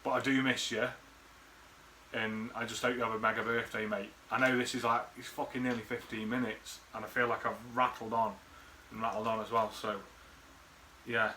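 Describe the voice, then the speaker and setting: Guy, bright tense voice, rambling and sweary, faint background hiss. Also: mid-range voice, flat delivery, normal speed. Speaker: friend recording a birthday message. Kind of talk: casual rambling reminiscence.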